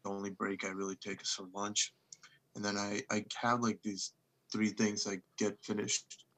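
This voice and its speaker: Chill young guy, bright sharp voice, pretty flat delivery, casual podcast talk. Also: on the low side, normal speed. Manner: relaxed, easygoing storytelling. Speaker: podcast co-host. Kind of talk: casual live podcast chat.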